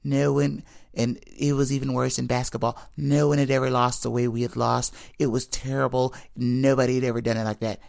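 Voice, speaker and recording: A man's voice: medium pitch, little pitch movement, fairly quick, creaky, few pauses, darkish tone, lightly acted. A man doing a blustering impression of a famous male politician, boasting in superlatives and repeating himself. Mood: boastful.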